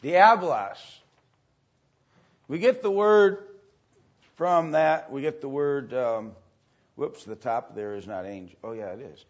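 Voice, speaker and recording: Male preacher, slow and halting teaching delivery, dull lo-fi recording. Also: mid-range voice. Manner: slow, halting, many fillers. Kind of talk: sermon teaching. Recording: dull lo-fi sound.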